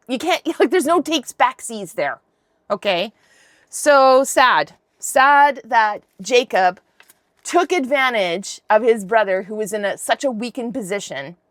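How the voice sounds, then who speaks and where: Brief: casual, slangy female podcast host with a high voice, retelling a Bible story. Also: no echo, studio quality. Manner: chatty, slangy, wry asides.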